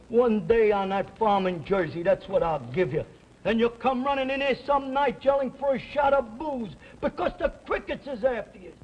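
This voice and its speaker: An actor playing a quick-tempered bartender and pimp, talking in brash street slang in a 1960 television drama. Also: male voice, extremely high pitch, lively intonation, a little hiss or hum. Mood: mocking. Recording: dull old TV audio.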